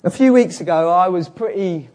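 The speaker is a man with a high-sitting voice giving a sermon. He relates a Bible story animatedly, moving between loud stresses and hushed, unhurried lines.

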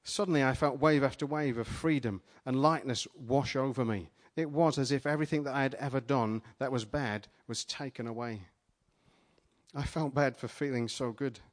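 A man preaching a sermon, retelling a vision in the first person, dramatic at first and then playful and energetic with volunteers in front of a live congregation. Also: medium pitch, moderate pace. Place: church gathering with a live audience.

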